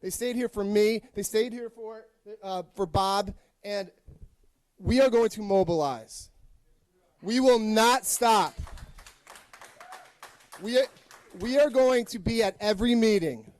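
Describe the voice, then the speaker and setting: A man's voice: sits high, normal speed, a little mellow, clean tone. A male teacher giving a fiery, confrontational public comment with wry humor.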